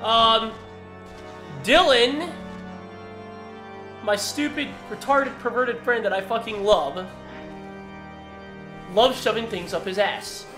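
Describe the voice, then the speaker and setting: Male streamer, high voice, loud and crude banter over game music. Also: a little slow. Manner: excitable, profane, loud teasing. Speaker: gamer streaming with a friend. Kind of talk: casual gaming chat. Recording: echoey room with game music.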